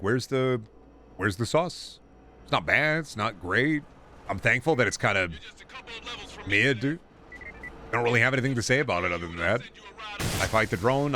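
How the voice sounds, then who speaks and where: A man's voice: on the low side, sharp tone, a little hiss or hum. A man streaming a video game, rambling through sarcastic commentary with mock-folksy asides. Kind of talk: casual gameplay commentary.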